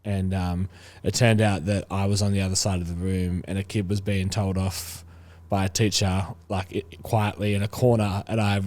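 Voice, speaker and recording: A man's voice: low-pitched, level tone, moderate pace, hardly any pauses, a little mellow. A young man, a podcast guest, talking casually and rambling with lots of fillers. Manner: chatty, rambling with many fillers. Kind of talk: casual chat.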